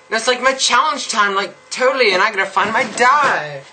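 A bubbly, ditzy valley girl, as a young man puts her on, gushes in a high, piercingly bright voice with airy stretched vowels. The put-on California accent bounces along. It is a comic vlog impression. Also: a little hiss or hum, full character voice, rough recording.

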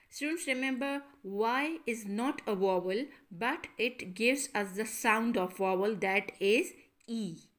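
Slow woman teacher drilling syllables. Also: a little high, a bit bright. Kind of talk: classroom lesson.

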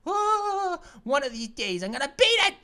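A woman voicing an excitable cartoon grape who hosts a gaming channel, talking to herself in a jumpy, silly way and repeating phrases. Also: high-pitched, normal speed, exaggerated voice. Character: excitable cartoon grape playing video games. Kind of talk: cartoon let's-play commentary.

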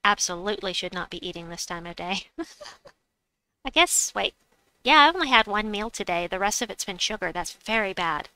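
A woman's voice: medium pitch, expressive, moderate pace, bright, forceful tone, clear, resonant tone, dry recording. A woman hosting a casual gaming livestream, chatty and playful, reading chat aloud and making silly noises. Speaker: livestream host.

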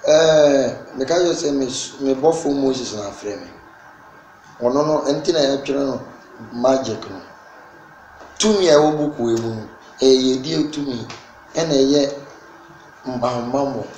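A man speaking as an interview guest at an ordinary pitch. He pushes his points hard, his voice climbing and getting louder. The room is echoey, with a faint noise underneath. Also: a little slow, pauses often. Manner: emphatic, rising and loud when making points. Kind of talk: casual interview in Twi.

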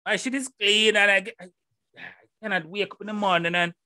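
A middle-aged Jamaican man hosts his podcast alone, loud and animated, firing rhetorical questions at his listeners. His voice sits fairly high and sounds bright and forceful, recorded dry and close at home. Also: fairly quick, no room sound. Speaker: podcast host. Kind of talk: casual solo podcast monologue. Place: home room in Holland. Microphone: headphones and desk mic.

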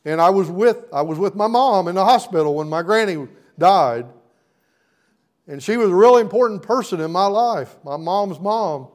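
A man's voice: sits high, animated, moderate pace. A middle-aged man, a pastor, preaching an emphatic sermon in a church, building with repeated rising phrases. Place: church sanctuary.

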